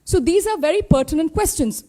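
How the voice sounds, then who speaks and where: At a press briefing in her party's headquarters press room, a female spokesperson with an Indian English accent speaks in a noticeably high, warm voice, briskly and expressively. She argues with passion, firing off one pointed rhetorical question after another.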